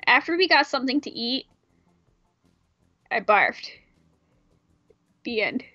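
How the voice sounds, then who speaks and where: A woman reads a fan-made game aloud with casual, irreverent asides, her voice slightly higher than most. The recording sounds dull and dry. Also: animated, slow pace, long pauses, bright, forceful tone, no echo. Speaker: player reading a game aloud. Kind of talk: casual read-through of a visual novel.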